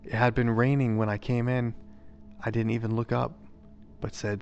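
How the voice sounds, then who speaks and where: Man reading a story in an even, level voice. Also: medium pitch, highs cut off. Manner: measured, even storytelling delivery. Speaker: chaplain. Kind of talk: reading a devotional story aloud. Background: soft background music.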